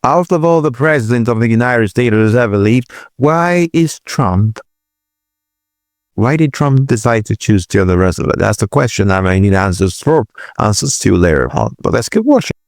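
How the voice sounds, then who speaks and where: A man's voice: fairly low pitch, sing-song, brisk, hardly any pauses, no echo, clean studio sound. A man hosting political commentary, reacting to clips with hesitant restarts and incredulous exclamations.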